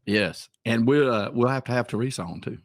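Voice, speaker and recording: A man hosting a podcast wraps up the episode in a relaxed way, with many fillers. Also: mid-range voice, a little fast, no room sound, studio quality. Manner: relaxed, filler-heavy wrap-up. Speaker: podcast host. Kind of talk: casual podcast chat and sign-off.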